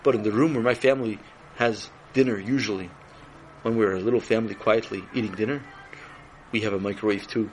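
A man's voice: fairly low pitch, steady tone, slight background noise, close to an everyday voice, rough recording. A man voicing a friendly, gracious foreign king who speaks in a formal, polite way. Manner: formal, courteous, with many pauses and restarts.

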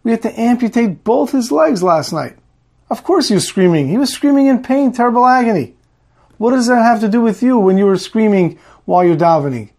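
A stern hospital professor who talks bluntly and scolds without patience, told by a man in a story. The voice sits high. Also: expressive, brisk, darkish tone, exaggerated voice. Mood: scolding.

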